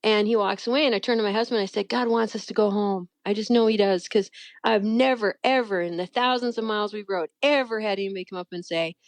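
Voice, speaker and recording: A middle-aged woman tells a personal story in an easy, conversational way. Her voice leaps up sharply whenever she acts out what someone said. The sound is close and dry, with no room echo. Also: fast. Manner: animated, acts out quoted voices with big pitch jumps. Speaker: guest telling a faith story. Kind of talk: casual storytelling.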